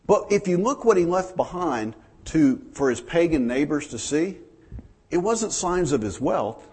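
A man's voice: on the high side, big pitch swings, measured pace, darkish tone, breathy edge. A man preaching a folksy sermon, telling stories to his congregation. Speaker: pastor.

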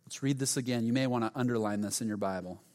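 A middle-aged male pastor preaching a sermon, telling stories with sudden loud outbursts. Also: medium pitch, fast talker. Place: church sanctuary. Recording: long hall reverb.

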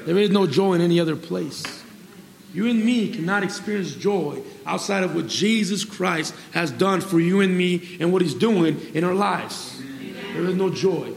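A man preaching a sermon, exuberant, bursting into laughter and praise, then reading scripture slowly and deliberately. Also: high-pitched, creaky. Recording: long hall reverb.

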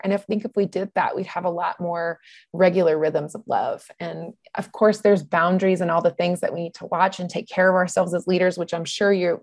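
A woman host responds in a warm, affirming and reflective way. Her voice sits a little low, and the sound is dry and close, with no room echo. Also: vocal fry. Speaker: podcast host. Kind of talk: casual conversational talk.

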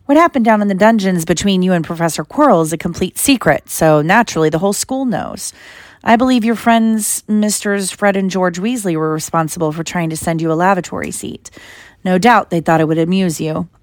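Woman doing a gentle, wry old headmaster, soothing, close dry sound. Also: fairly low pitch, brisk, no echo, close to an everyday voice. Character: kindly elderly male headmaster, calm and wry.

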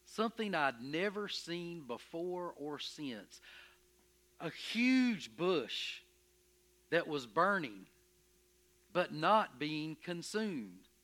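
A man playing Moses in a dramatic first-person sermon, telling his story with emphatic, expressive energy and stammering when anxious. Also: on the high side, very slow, full character voice. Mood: earnest. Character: Moses, earnest, stubborn, curious shepherd. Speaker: preacher in character.

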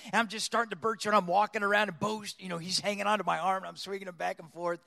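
Male storyteller preacher, high pitch, lively and dramatic delivery. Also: quick pace, gravelly, hardly any pauses, long reverb tail. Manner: animated storyteller acting out voices. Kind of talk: storytelling sermon.

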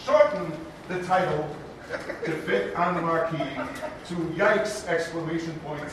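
In a slightly high, somewhat slow, natural voice, a man plays the show's emcee: an aging, showy, forgetful Broadway producer hosting a live improvised stage comedy with grandiose showman patter. It's captured on a theater stage from far away, so the audio is echoey and noisy.

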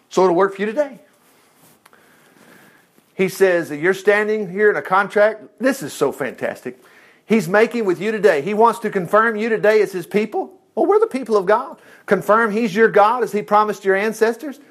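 A man teaching from the Bible in an informal sermon, reading verses aloud and breaking in with excited asides. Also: sits high. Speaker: preacher.

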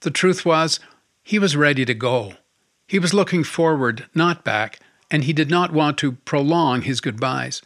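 A man narrating an audiobook in a calm, steady storytelling manner. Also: a little high, unhurried, no room sound, clean studio sound.

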